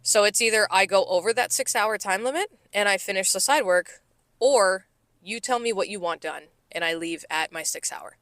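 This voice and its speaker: A woman in her thirties, a restaurant server co-hosting a podcast, telling work stories in animated, profane casual chat. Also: mid-range voice, moderate pace, dry recording. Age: 30s. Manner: animated, profane, acts out coworkers' lines.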